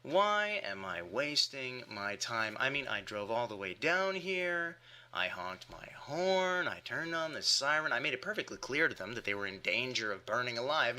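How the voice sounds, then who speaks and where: A man's voice: medium pitch, bright, forceful tone, exaggerated voice. A man doing a fed-up grumbling fireman. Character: exasperated male fireman grumbling to himself.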